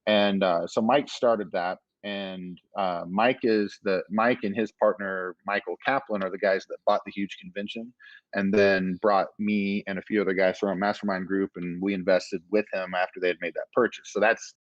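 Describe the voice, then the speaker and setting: A man's voice: low-pitched, fairly even intonation, normal speed, dry recording, highs cut off. A man guest on a podcast, telling a long, rambling story with many "uh" fillers in a casual interview. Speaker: podcast guest, business owner.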